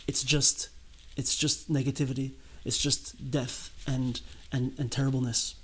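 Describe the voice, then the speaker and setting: A man's voice: medium pitch, little pitch movement, a little slow, slightly rough, poor audio. A man giving a sermon as a rabbi, earnest and emphatic, repeating phrases as he builds his point.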